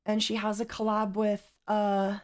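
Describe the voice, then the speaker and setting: A woman's voice: on the high side, a little fast, a little mellow. Exasperated rambling woman streamer. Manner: exasperated, rambling, repeats herself. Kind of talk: casual livestream commentary.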